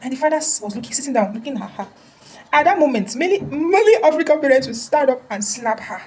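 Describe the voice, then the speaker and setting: A woman's voice: high voice, lively intonation, very fast, darkish tone, slight background noise, poor audio. A woman counselor giving earnest advice in a casual talk, often repeating words and restarting.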